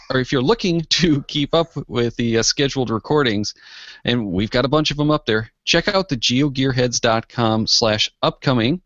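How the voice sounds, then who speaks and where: Relaxed male podcast co-host, lo-fi. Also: medium pitch, dry recording. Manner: relaxed, frequent fillers. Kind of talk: casual podcast chat. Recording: dull lo-fi podcast audio.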